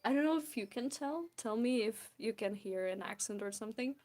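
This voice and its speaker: A woman's voice: fairly high pitch, lively intonation, brisk, darkish tone. A young woman from Belarus with a Belarusian accent, chatting casually and giggling with viewers while drawing on a stream. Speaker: art streamer.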